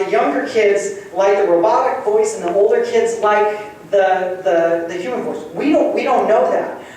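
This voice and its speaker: A man's voice: high-pitched, darkish tone. Guy giving a casual chatty lecture, recorded from across a big echoey room, bit of hiss. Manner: conversational, good-humored, chuckles often. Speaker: guest lecturer. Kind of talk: public lecture with audience questions. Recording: roomy hall sound from far off, faint noise.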